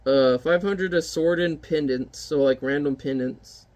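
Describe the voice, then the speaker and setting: A man with a notably high voice chatting his way through an old comic. His remarks are wry, offhand and casual, with a relaxed reviewer's flow. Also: a little slow. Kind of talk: casual commentary.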